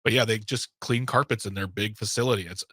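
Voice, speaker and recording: Man, radio co-host, bright tone, animated banter, dry studio. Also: fairly low pitch, quick pace, husky, no room sound. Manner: playfully defensive, animated.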